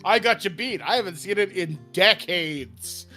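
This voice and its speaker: A man from Canada co-hosting a podcast, cracking irreverent deadpan jokes. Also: sits high, a little slow, faint music behind. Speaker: podcast co-host. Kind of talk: casual chat.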